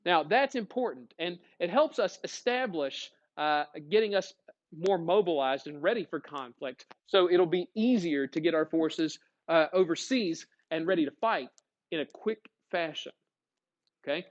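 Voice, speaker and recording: A lively male history teacher lecturing his class, his voice sitting fairly high for a man. He keeps throwing questions at the students as he goes. The recording is dull and lo-fi. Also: unhurried. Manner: energetic, asks questions to the class.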